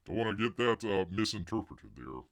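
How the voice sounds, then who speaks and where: A man's voice: lowish voice, very animated, a little fast, no echo, clean studio sound. Rambling man hosting a live stream. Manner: rambling, jokey, calls himself Bear in the third person; mutters asides under his breath. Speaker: host of a comics news live stream. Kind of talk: casual live-stream chat.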